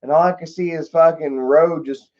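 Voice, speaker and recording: A man's voice: on the high side, fairly even intonation, normal speed, a little mellow. Man telling rambling stories. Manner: swearing, laid-back storytelling. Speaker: livestream host. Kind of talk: casual storytelling livestream. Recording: dull lo-fi stream audio.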